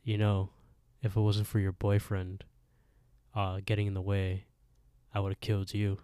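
A man's voice: lowish voice, completely flat delivery, a little slow, mellow, smooth, no room sound, lightly acted. A man voicing a smug male killer in a casual retelling, with offhand, sly menace.

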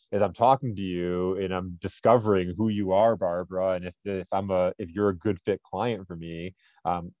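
A man's voice: low voice, darkish tone, dry recording, dull audio. A man co-hosting a podcast, chatting casually and telling stories in an earnest, motivational way. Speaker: podcast co-host.

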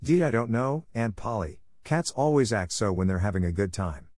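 A man voicing a mischievous young boy who is quick with innocent-sounding excuses. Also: on the low side, animated, darkish tone, dry recording, studio quality. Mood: sly.

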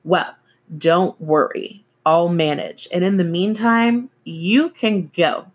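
A woman reading the part of a grieving, slightly drunk woman in an audiobook, slurred and drawling, with a husky voice. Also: fairly low pitch, takes it slowly. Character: grieving tipsy woman, defensive and bitter.

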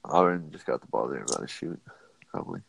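A young man co-hosting a casual sports podcast in a laid-back, slangy way, laughing often. His voice sits very low with a gravelly edge and swings widely in pitch, recorded dry and close. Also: lively intonation, fast talker, no echo, poor audio. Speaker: podcast co-host.

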